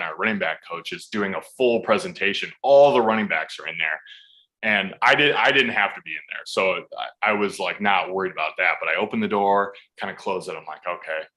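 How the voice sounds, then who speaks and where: Guy in his 30s, kinda low voice but bright and forceful, swears a lot, easygoing storyteller. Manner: laid-back, swears freely, acts out quotes. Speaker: podcast guest, football player. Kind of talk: casual storytelling.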